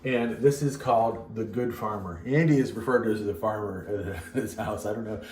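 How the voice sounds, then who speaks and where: A man with a fairly low, darkish voice speaks at a moderate pace, with a little hiss or hum in the audio. He's co-hosting a show from his farmhouse home, mixing a cocktail while chatting casually and drifting into rambling asides.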